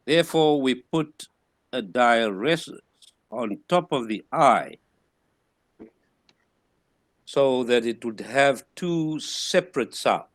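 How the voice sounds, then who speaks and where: A man teaching a classroom lesson, sounding out words slowly syllable by syllable and repeating them. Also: medium pitch, expressive, no room sound, clean studio sound.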